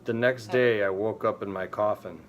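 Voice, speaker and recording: A man reading a fan story aloud for comedy, mostly flat, sometimes cracking up in disbelief. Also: on the low side, moderate pace, background noise. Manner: reads flatly, breaks into disbelief. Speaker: comedy reader.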